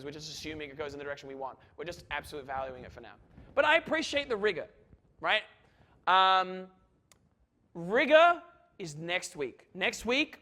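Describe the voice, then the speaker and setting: His high-pitched voice sounds pushed and bright as he lectures on physics at a university. He jokes and chats his way through equations in a lecture hall, checking in with "right?"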